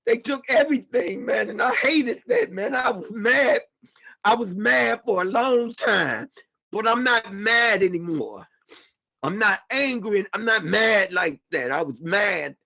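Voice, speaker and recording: A man's voice: sits high, lively intonation, a little slow, vocal fry, bright, forceful tone. A man giving an impassioned personal testimony at a panel, repeating himself and often saying "man". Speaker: panel speaker.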